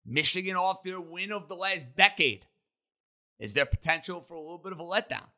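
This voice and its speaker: A man hosting a sports talk show, delivering an opinionated monologue with emphatic, rapid-fire takes. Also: sits high, pushed and bright. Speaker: sports radio host.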